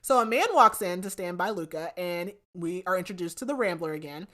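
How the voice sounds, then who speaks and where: A young adult woman hosting a podcast, casually retelling a book's plot in an animated way, often saying "like". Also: lowish voice, fairly quick. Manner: animated storytelling, frequent "like", laughs. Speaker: podcast host. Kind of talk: casual book recap.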